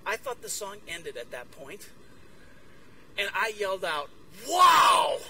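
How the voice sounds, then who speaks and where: A man giving a lively sermon as a guest speaker to a conference crowd, acting out bits of dialogue. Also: sits high, measured pace, recorded from a distance, heavy background noise. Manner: energetic, acts out dialogue. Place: conference room with audience.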